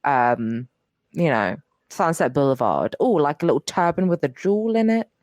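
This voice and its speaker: A woman's voice: deep voice, lively intonation, normal speed, a little mellow, dry recording, clean studio sound. A young woman co-hosting a podcast in casual chat, rambling with lots of fillers and casual swearing. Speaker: podcast co-host.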